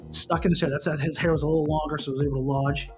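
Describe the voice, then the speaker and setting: A man's voice: fairly high pitch, very fast, music in the background. A middle-aged man from Pennsylvania hosting a casual morning show, telling a story with lots of restarts and asking listeners questions. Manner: animated, restarts and repeats, asks the listener questions. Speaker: host.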